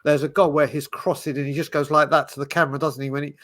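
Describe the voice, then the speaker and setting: A man in casual chat, telling animated stories with frequent restarts. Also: on the high side, fast talker. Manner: animated, storytelling, restarts often. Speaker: podcast panelist.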